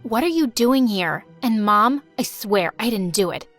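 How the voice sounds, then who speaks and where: A woman's voice: mid-range voice, lively intonation, measured pace, a bit bright, faint music behind. A woman narrating a first-person storytime in a dramatic, emotional way and voicing the other people in it.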